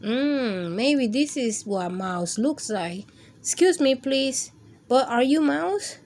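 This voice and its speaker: A woman's voice: expressive, slow, darkish tone, slight background noise, exaggerated voice. A woman voicing a brave, curious little male kitten who politely asks around in a storybook tale. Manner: high, eager, questioning.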